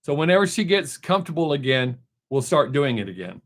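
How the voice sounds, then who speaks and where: An older man hosting a live stream, chatting casually with viewers in a relaxed, rambling way, full of fillers and restarts. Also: fairly high pitch, brisk. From United States. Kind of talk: casual chat answering viewers.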